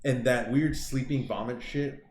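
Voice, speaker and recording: A man's voice: medium pitch, fairly even intonation, a little slow, a little mellow. A young man, a podcast co-host, casually telling a rambling, profane story and acting out his own past lines. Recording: roomy echo, faint background noise.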